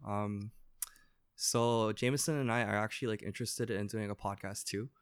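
A young man chatting casually as a podcast guest, animated and slangy with lots of fillers. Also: lowish voice, moderate pace, smooth, no room sound, studio quality. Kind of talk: casual chat.

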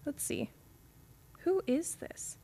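A woman's voice: takes it slowly, warm tone. A young woman in her twenties co-hosting a podcast, joking around in casual chat and hamming up quoted voices. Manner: playful, jokey, hams up quoted voices. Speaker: podcast co-host.

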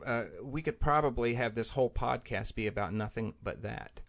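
A man's voice: medium pitch, normal speed, gravelly, a bit bright. A man hosting a podcast in casual chat, grumbling and rambling with many restarts, recorded on a studio mic in a small room. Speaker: podcast host. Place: small room with the air conditioner off. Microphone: headphones and studio mic.

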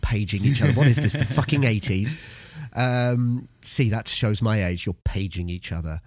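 A man co-hosting a podcast in casual chat, animated and repeating words as he thinks. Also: fairly low pitch, normal speed, no room sound, clean studio sound. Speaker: podcast co-host.

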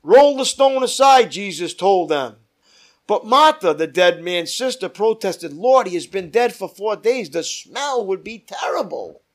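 A man leading a Bible study as pastor, reading scripture aloud with emphatic rises and dropping to quiet asides. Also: high voice, animated, unhurried.

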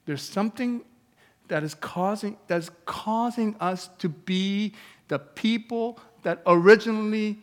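A man preaching a sermon as pastor, energetic and emphatic, with casual asides to the congregation. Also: high-pitched, measured pace. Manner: energetic preaching, rising to loud emphatic peaks; conversational asides with chuckles to the congregation. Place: church sanctuary. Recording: long reverb of a church hall.

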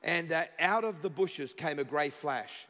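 An Australian man preaching as a guest speaker, telling funny stories and acting out the dialogue with sudden shouts. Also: a little high, measured pace, big-room sound, noisy background. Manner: animated, acts out dialogue, bursts into shouts. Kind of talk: humorous sermon storytelling. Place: church sanctuary.

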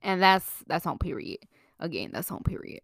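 Young woman vlogging, chatty and blunt, lowish voice, dry close sound, cusses a lot. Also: big pitch swings, moderate pace, creaky, a bit bright, dry recording. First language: bilingual, slips into Mexican Spanish. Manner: chatty, frank, swears freely, laughs at herself. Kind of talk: casual advice talk to camera.

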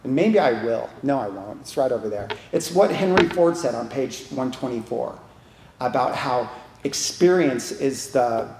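A man's voice: medium pitch, darkish tone, reverberant. Man sharing candidly at a support meeting. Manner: candid, rambling, emotional, with restarts. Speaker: recovery meeting speaker. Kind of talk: personal share at a support group meeting. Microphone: online video call.

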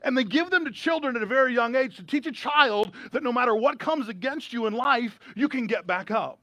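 A man's voice: very high-pitched, lively intonation, fairly quick, fairly bright tone, no room sound. A male American pastor preaching a sermon in a conversational way, with humorous asides, during a streamed church service. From United States.

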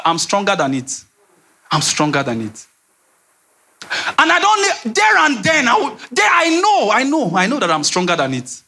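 A young Nigerian man preaching a sermon as pastor, animated, repeating phrases and dropping into a low voice to act out quotes. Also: vocal fry.

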